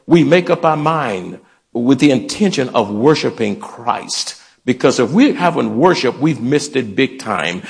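A man's voice: on the high side, breathy edge. A man preaching a sermon to his congregation in church, calling out for responses and urging them to join in. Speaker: pastor. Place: church sanctuary.

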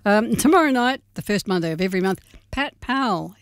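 A woman co-hosting a radio show, chatting casually and reading a gig guide in a warm, slightly rambling way. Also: medium pitch, lively intonation, brisk, dry recording, studio quality. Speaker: radio co-host. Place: radio studio.

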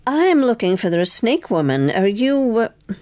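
A narrator gives voice to a courteous older lady, a little higher than the narration and slow and careful. She asks questions in a polite, measured way in a dry storybook reading. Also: very animated, darkish tone, no room sound. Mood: inquiring.

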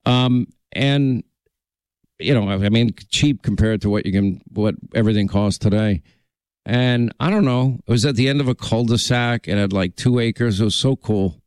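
A man's voice: on the low side, moderate pace, a little mellow, clear, resonant tone, no echo. A man hosting a call-in radio talk show, chatting with callers in a friendly, rambling way.

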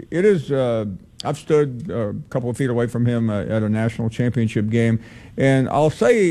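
A man hosting a call-in sports radio show, speaking in a relaxed way with many pauses. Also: medium pitch. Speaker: radio sports talk host.

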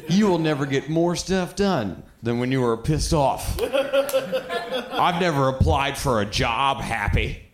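A man doing a stand-up routine, brash and profane, working himself up to shouts on stage. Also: on the high side, big pitch swings, slow, crowd noise. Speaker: stand-up comedian. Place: comedy club stage. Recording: roomy club with audience laughter.

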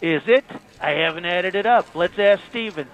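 A man's voice: high-pitched, moderate pace, a bit bright, low-quality recording. A man doing a boastful rambling president. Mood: breezy. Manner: rambling, self-praising, repetitive. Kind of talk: comedy sketch impression.

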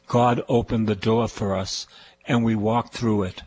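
A man's voice: medium pitch, fairly even intonation, measured pace, darkish tone, husky, low-quality recording. An older man with a Boston accent preaching a fervent radio sermon, repeating phrases of praise. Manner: fervent, repetitive preaching with call-and-response praise.

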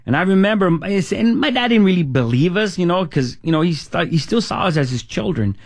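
A man's voice: high voice, very animated, fairly quick. A man telling his own life story as a testimony, with many restarts and fillers, and voicing friends' lines in casual street slang. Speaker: testimony speaker.

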